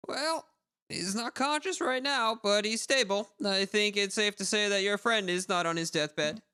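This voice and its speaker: Fussy, polite doctor voiced by a man, pitched up, bright. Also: normal speed, clean tone. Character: fussy middle-aged male asylum doctor.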